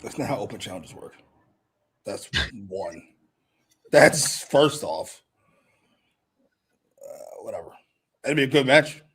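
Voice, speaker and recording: A man's voice: mid-range voice, expressive, takes it slowly, long pauses, fairly bright tone, husky. A man co-hosting a wrestling review, giving sarcastic, opinionated commentary in casual chat and swearing freely.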